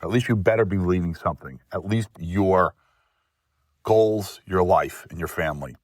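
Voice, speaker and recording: A man's voice: low voice, normal speed, dry recording, studio quality. A man hosting a faith-based motivational monologue, speaking emphatically in rhythmic lists of short phrases. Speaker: host.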